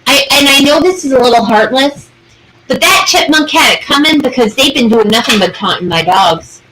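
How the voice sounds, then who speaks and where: A high-pitched woman in her forties who swoops all over her range as she tells a rowdy story. She swears freely and acts out voices. Loud noise runs behind her. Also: animated, brisk. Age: 40s. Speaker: podcast co-host. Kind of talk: casual storytelling chat. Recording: noisy room.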